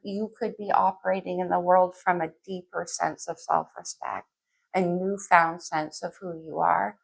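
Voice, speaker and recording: A woman's voice: fairly low pitch, gravelly. A woman giving a casual tarot reading to camera, chatty and a little scattered, thinking aloud as she pulls cards. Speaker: tarot reader.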